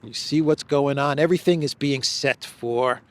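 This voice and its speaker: A man hosting a solo news commentary show, talking haltingly with many restarts and fillers, leaning hard on key phrases. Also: medium pitch. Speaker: political commentary host.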